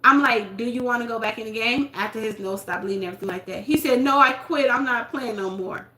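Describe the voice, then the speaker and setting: A woman hosting a casual livestream, telling stories with animated acted-out quotes; she coaches youth basketball. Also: a little high, fast, reverberant, noisy background. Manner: animated storytelling, acts out quotes. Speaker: livestream host.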